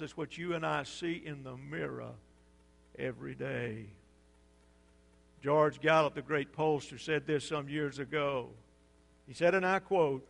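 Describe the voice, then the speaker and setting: High-voiced preacher in a reverberant hall. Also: male voice, a little slow, creaky. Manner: preaching with dramatic swells and hushed drops. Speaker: pastor. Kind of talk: sermon.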